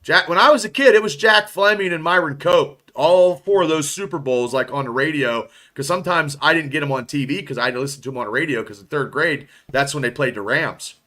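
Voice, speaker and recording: A man in his fifties from western Pennsylvania, with a bright, forceful voice that sits a little high. He tells stories in a looping, repetitive way while chatting casually about sports. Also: a little fast, few pauses. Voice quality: storytelling, rambling with repeats.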